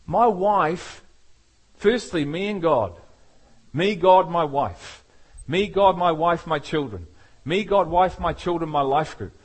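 A male preacher with a high voice delivers a sermon. He is animated and keeps slipping into the voices of the people he quotes. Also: takes it slowly, slightly rough. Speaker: pastor.

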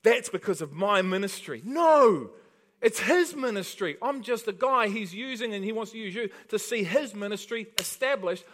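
A man's voice: high voice, expressive, moderate pace, hardly any pauses, fairly bright tone. A man pastor delivering an emphatic sermon, often asking the congregation rhetorical questions.

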